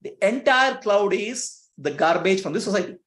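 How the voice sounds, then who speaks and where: A male spiritual teacher talks to his listeners in an echoey room. His pitch rises and falls freely as he asks them rhetorical questions and chuckles between points. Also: expressive, normal speed, fairly bright tone.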